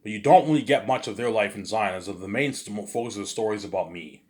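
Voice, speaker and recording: Guy with a deep voice rambling through a story, keeps stammering and repeating himself, gets loud and excited sometimes. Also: fast, few pauses. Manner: repetitive and stammering, with constant "you know what I'm saying" fillers; bursts into excited loud asides. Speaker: storyteller pitching a film idea.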